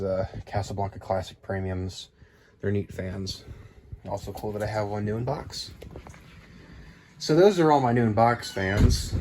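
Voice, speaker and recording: Low-voiced man touring his fan collection. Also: noisy background. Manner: rambling, cataloguing items aloud with fillers. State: slightly out of breath. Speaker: ceiling fan collector giving a home tour. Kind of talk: casual walkthrough vlog. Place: house, garage and storage rooms.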